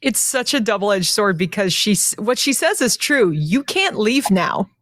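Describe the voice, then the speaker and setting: A woman's voice: mid-range voice, animated, measured pace, fairly bright tone, no room sound, studio quality. A woman guest on a podcast, making her points about a film in an emphatic, persuasive way. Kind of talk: casual film discussion.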